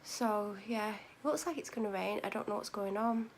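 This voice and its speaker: A woman rambles through a casual vlog, tired and unhurried. Her voice has a gravelly, creaky edge at a middle pitch, and she often corrects herself mid-sentence. Now and then she sinks to a near-whisper. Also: slight background noise. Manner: meandering, self-correcting, drops to near-whispers at times. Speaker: vlogger.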